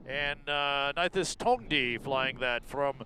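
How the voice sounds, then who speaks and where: A man's voice: mid-range voice, takes it slowly, bright, forceful tone, a little hiss or hum. A man co-commentating a live event, easygoing and adding details. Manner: easygoing, adds details and agrees.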